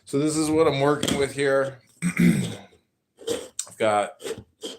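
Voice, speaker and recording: A man's voice: medium pitch, slow pace, noisy background. A man from Illinois hosting a live stream, signing off in a rambling, jokey way and drifting away from the mic. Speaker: podcast host. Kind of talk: casual live-stream sign-off.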